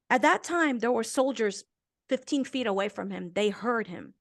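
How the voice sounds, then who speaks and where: A woman in her fifties from Romania, a guest author telling a personal story in an interview, earnest and emotional, swelling and dropping to a hush. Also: on the high side, expressive, moderate pace. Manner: earnest and emotional, with intense swells and hushed drops.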